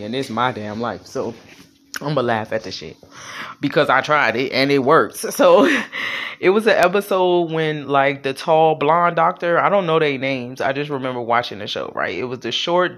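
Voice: medium pitch, fairly bright tone. Frank, profane vlogger telling a life story. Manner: rambling with many fillers and check-ins. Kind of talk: casual spoken storytelling.

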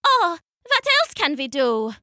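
A woman's voice: very high voice, wildly swooping pitch, slow, pushed and bright, no echo, studio quality, full character voice. A woman voicing an exasperated young girl in a folktale storybook.

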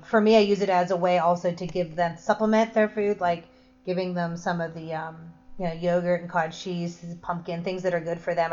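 A woman co-hosting a podcast, chatting casually about training her dogs, rambling with restarts. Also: lowish voice. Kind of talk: casual chat. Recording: dull lo-fi sound.

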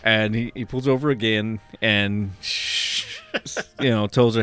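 A man's voice: fairly low pitch, takes it slowly, pushed and bright. A man co-hosting a casual podcast, telling profane, rambling stories and laughing along. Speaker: podcast co-host. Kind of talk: casual chat, reading odd news.

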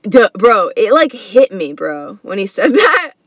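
A woman's voice: mid-range voice, sing-song, unhurried, no echo. Woman, comedy podcast host, casual storytelling, slangy and earnest, close dry recording. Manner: slangy and earnest, says bro and dude.

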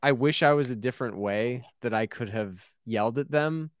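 Man, mid pitch, casual podcast chat, hesitant, restarts often, dry close sound. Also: normal speed, smooth, no echo. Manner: hesitant, many restarts, self-effacing. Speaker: podcast co-host.

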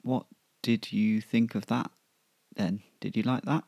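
A man's voice: on the low side, steady tone, unhurried, vocal fry, a little mellow, no echo, clean studio sound. A man voicing a flustered, evasive wife who stammers and hesitates.

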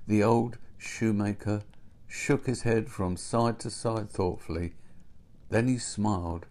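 A man gently reading a storybook aloud in an unhurried way. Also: lowish voice, steady tone. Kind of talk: storybook narration.

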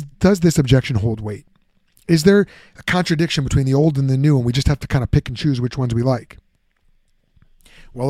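Animated man teaching the Bible. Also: on the high side, dry recording, clean studio sound. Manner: animated, conversational, acts out objections.

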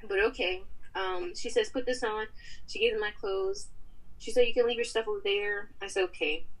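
A woman's voice: medium pitch, normal speed, breathy edge, poor audio. A woman guest on a podcast, telling a personal story in casual talk and acting out the people she quotes. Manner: animated, acts out quoted voices.

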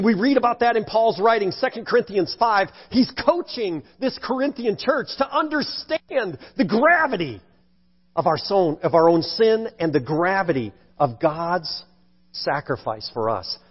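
A male pastor preaching a sermon in a church sanctuary. He swings between emphatic, raised delivery and hushed passages, in a dull recording with long church reverb. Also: sits high, slightly rough.

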